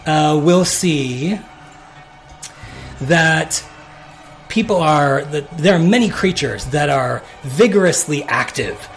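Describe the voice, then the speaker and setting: A man narrating as game master, talking in a halting way with many restarts. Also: a little high, soft background music.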